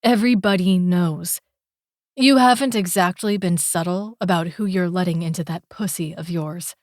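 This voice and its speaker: Brief: woman reading jealous young male lead for an audiobook, crude and harsh, a touch lower, slow, dry sound. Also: a little mellow, dry recording, lightly acted. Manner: crude, cutting accusations. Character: jealous, brooding young man, harsh and possessive. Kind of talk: audiobook character voice.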